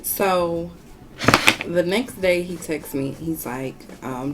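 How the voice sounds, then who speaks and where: A woman's voice: on the low side, takes it slowly. A woman vlogger chatting candidly and with profanity through a storytime while she does her makeup, talking straight to her viewers. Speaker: beauty vlogger. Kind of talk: casual storytime chat during a makeup tutorial.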